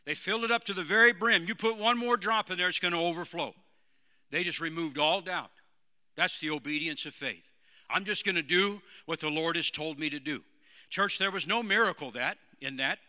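High, bright-voiced male preacher. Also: normal speed. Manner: preaching with call-and-response "Amen?". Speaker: pastor. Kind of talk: sermon. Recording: long hall reverb.

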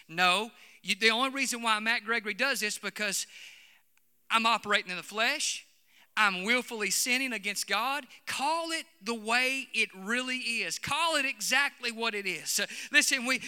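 A man's voice: very high-pitched, sharp tone, clean tone, long reverb tail. A man preaching a sermon to his congregation, emphatic, repeating key phrases and calling out to the listeners. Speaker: pastor. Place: church hall.

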